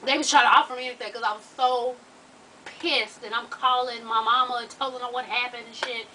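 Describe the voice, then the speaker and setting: Lively, bright-voiced woman telling a profane story. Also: a little high, fairly quick, far from the mic, a little hiss or hum, low-quality recording. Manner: animated, profane, heavy slang, addresses viewers directly. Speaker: vlogger telling a personal story. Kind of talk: casual storytelling to viewers.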